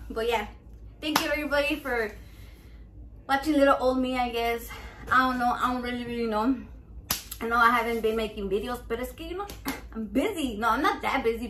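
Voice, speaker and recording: Young woman, home vlogger, rambling and profane, slightly high voice, echoey room with faint noise. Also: fairly bright tone. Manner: profane, rambling, code-switching with Spanish. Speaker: cooking vlogger. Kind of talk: casual vlog chat. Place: home kitchen.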